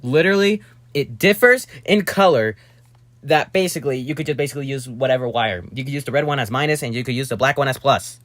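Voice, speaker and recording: A man's voice: medium pitch, rapid-fire, few pauses, no room sound. Young man, casual build narration, rambling, talks to himself, dry close sound. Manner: rambling, talks to himself while working, excitable outbursts. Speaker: hobby builder narrating a craft video.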